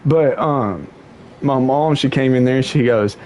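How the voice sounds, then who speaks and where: A man's voice: medium pitch, measured pace, a little mellow, slight background noise. A young man hosting a livestream, casually telling a long story with lots of slang and swearing, his voice jumping up when he quotes people. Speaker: livestream host.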